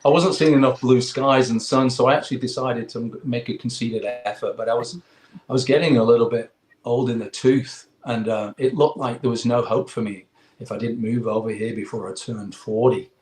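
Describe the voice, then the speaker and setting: A man in his forties from England with an English accent, a guest in an interview, telling a long story in a rambling, animated way. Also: mid-range voice, brisk, echoey room, slight background noise. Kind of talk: casual chat.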